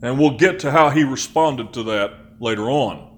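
A pastor with a medium-pitched voice preaches a sermon in a measured, emphatic style. He slows down on key phrases and drifts into conversational asides.

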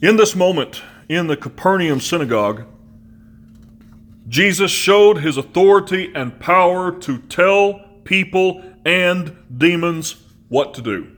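A man preaching a sermon in a measured, emphatic way, slowing on key phrases and slipping into conversational asides. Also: sits high, lively intonation, a bit bright. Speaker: pastor.

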